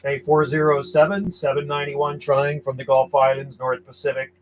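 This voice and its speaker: A man's voice: mid-range voice, little pitch movement, moderate pace. A man working as a CB radio operator, calling out call signs and answering distant contacts with clipped calls and friendly sign-offs from a home station. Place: home radio station on an island off western Canada. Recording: loud radio static behind the voice.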